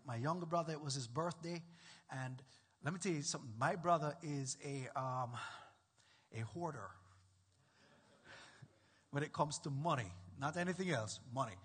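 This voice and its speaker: A male pastor preaching a sermon, animated and emphatic, with rising bursts of intensity. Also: medium pitch, measured pace, pauses often, slightly rough. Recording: echoey hall with long reverb.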